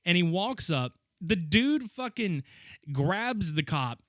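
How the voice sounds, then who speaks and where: A man chats on a podcast, tearing into an old training video with loose, profane enthusiasm. His voice is bright and swings widely in pitch. The sound is dry and close, with no room echo. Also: takes it slowly. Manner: profane, animated, laughs a lot. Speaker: podcast co-host. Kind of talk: casual movie-riffing chat.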